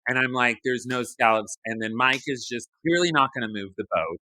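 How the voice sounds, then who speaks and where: A man on a podcast chiming in with lively, teasing remarks. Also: medium pitch, fairly quick, rough recording. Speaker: podcast guest. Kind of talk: casual chat.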